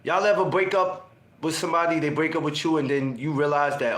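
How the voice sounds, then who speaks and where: Animated high-voiced man telling stories. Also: fairly quick. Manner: animated storytelling, acts out teen scenes. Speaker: podcast co-host. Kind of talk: casual group chat. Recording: roomy room sound.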